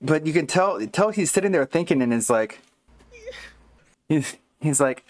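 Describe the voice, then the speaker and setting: A man's voice: on the high side, expressive, unhurried. A man streaming live, reacting to clips with casual, incredulous and mocking commentary.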